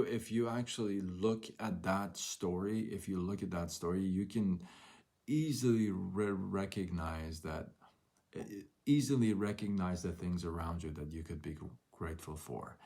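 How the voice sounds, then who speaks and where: A man's voice: sits low, a little mellow. A man hosting a live motivational talk, telling a story and asking rhetorical questions. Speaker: host.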